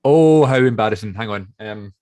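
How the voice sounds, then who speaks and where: A man's voice: on the low side, moderate pace, mellow, no echo. A young man hosting a podcast over a video call, chatty and rambling, often correcting himself. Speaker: podcast host. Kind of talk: casual chat.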